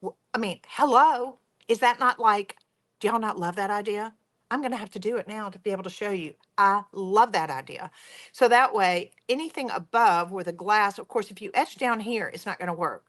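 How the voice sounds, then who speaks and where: A woman's voice: mid-range voice, brisk, fairly bright tone. A woman hosting a craft tutorial, chatty and enthusiastic as she talks viewers through each step. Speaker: craft workshop host.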